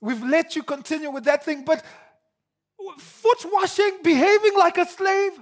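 A man's voice: very high voice, fairly even intonation, measured pace, voice pushed up. A man voicing an exasperated male disciple who urgently pleads with his teacher to stop. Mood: pleading exasperated. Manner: urgent, pleading, rising emphasis.

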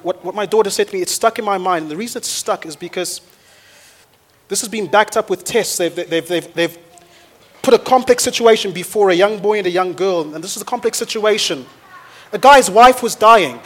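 A man, a pastor preaching a sermon to his church with energetic storytelling that rises into loud exhortation. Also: high-pitched. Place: church auditorium.

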